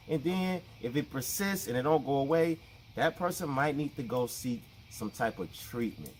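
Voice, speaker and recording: A man with talking casually to his viewers at a middling pitch. He keeps circling back with "you know what I'm saying" and slips into quick acted-out voices. A faint ambient noise hums behind him. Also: fairly bright tone. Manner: conversational, repeats phrases, acts out quoted people. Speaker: vlogger. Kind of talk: casual talk to camera.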